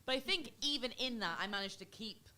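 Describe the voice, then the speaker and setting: A woman's voice: lively intonation, fairly quick, sharp tone. A young woman with a Belfast accent performing a stand-up comedy set in a club, chatty and self-mocking. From Northern Ireland. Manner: chatty, teasing, self-mocking, bursts of high put-on voices.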